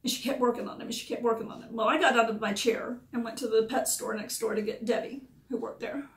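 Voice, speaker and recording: A woman's voice: fairly high pitch, fairly even intonation, fast talker. A woman, a dog groomer candidly recounting past events in short, emotional bursts. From Georgia, USA. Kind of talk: personal storytelling. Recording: echoey room.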